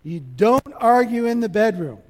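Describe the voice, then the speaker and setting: Male pastor, high voice, lively sermon delivery that jumps between loud and quiet, long reverb of a big hall. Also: unhurried. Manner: animated, acts out dialogue, shifts from loud to soft.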